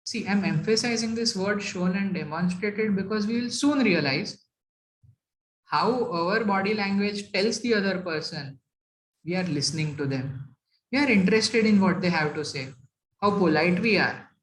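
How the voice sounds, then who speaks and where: A woman's voice: mid-range voice, normal speed, slight background noise. A woman giving a talk on workplace etiquette, emphatic and asking the audience rhetorical questions. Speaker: corporate etiquette speaker. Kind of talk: motivational talk. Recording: roomy hall echo.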